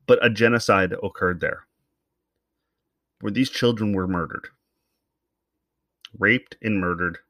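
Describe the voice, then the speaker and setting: A blunt man with a somewhat low voice, delivering an opinionated solo podcast monologue. He swears freely and rambles from point to point. His voice is close to a podcast mic and sounds dry, with no room. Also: fairly bright tone, no room sound. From Canada. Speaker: podcast host.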